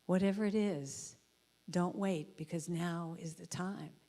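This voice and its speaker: A woman's voice: fairly low pitch, fairly even intonation, a little slow. A woman giving a storytelling sermon in a church, acting out the voices in her stories. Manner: warm conversational storytelling, acts out voices. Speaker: guest speaker and musician. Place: church sanctuary.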